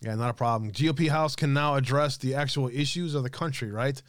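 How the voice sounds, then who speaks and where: A man's voice: medium pitch, fairly quick, dry recording, clean studio sound. Profane chatty male livestream host. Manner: profane, jokey, reads chat comments aloud. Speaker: livestream host reading chat. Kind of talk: casual livestream chat.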